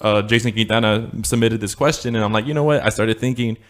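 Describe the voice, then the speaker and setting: Laughing, rambling young podcast host. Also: male voice, fairly low pitch, fast. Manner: rambling, swears, laughs often. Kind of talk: casual storytelling chat.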